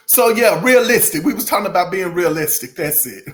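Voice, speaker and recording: Talking at a moderate pace in a mid-range voice, this music channel host keeps the commentary casual. He's chatty and animated, laughs a lot, and speaks straight to the audience with folksy asides.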